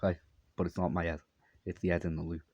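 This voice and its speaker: A man's voice: low voice, little pitch movement, fast, darkish tone, breathy edge, no echo, muffled recording. A man telling a long, meandering story in a repetitive monologue. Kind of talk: rambling monologue.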